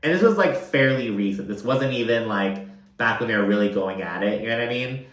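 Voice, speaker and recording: A man's voice: on the low side, animated, fairly quick, fairly bright tone. A young man recapping a reality show in casual, rambling commentary, full of fillers and campy asides. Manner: chatty, rambling, lots of fillers, campy mock voices. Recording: roomy echo.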